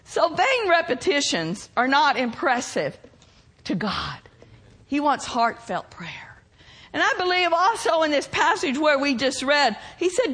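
High-voiced woman preaching slowly. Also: sing-song, a bit bright. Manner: emphatic, draws out key words. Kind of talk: sermon.

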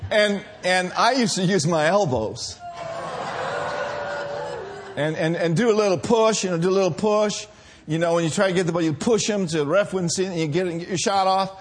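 A middle-aged male pastor preaching a sermon in a church, animated and laughing as he calls out to the congregation. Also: high-pitched, normal speed, a little hiss or hum.

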